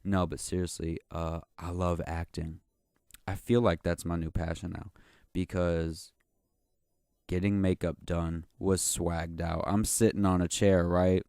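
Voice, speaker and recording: A young man with a very low, deep voice rants on his solo podcast. He is slangy, boastful and profane, and his telling rambles. The sound is dry and close, with no room around it. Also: flat delivery, a little slow, mellow, smooth, no echo. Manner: rambling, keeps saying "you know what I'm saying". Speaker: podcast host. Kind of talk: casual solo podcast rant.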